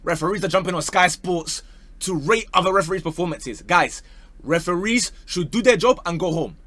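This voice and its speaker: A young man rants about football straight to camera, animated and teasing, peppering his talk with slang. His voice sits a bit high and comes across bright and forceful. The recording is close and dry, with almost no room sound. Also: moderate pace, no room sound. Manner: animated, mocking, slangy, says bro a lot. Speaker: football opinion vlogger. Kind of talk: casual ranting commentary to camera.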